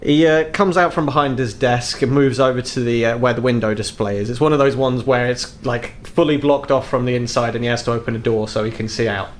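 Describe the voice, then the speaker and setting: A man's voice: mid-range voice, fairly even intonation, a little fast, hardly any pauses, slight background noise. Man narrating as game master.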